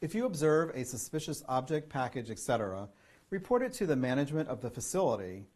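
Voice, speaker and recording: A man calmly giving security training, methodically reading through a checklist of questions. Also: mid-range voice, fast talker. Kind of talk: instructional narration.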